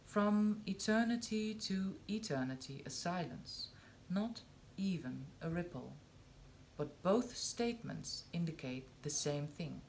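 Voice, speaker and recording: A woman reading a spiritual discourse aloud, slow and measured, with long pauses between phrases. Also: lowish voice, animated, a little mellow, a little hiss or hum. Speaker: reader of spiritual texts.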